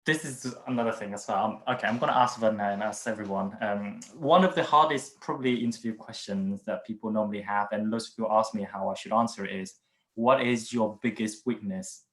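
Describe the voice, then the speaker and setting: A man's voice: on the low side, fast talker, hardly any pauses, fairly bright tone, poor audio. A man hosting an online webinar over a video call, coaching in a casual way, teasing his co-presenter and laughing easily. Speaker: webinar host.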